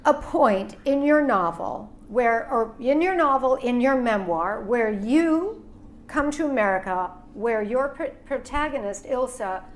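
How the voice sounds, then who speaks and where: A woman's voice: fairly high pitch, lively intonation, a little slow. A woman hosting an author interview, asking long, musing questions. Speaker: host and interviewer. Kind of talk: casual interview.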